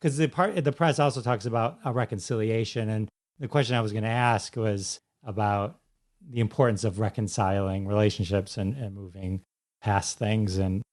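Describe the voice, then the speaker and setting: A man's voice: fairly low pitch, fairly even intonation, normal speed, a little mellow. A man hosting an interview podcast, asking questions in an eager, casual way and often saying "like" as a filler. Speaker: podcast host.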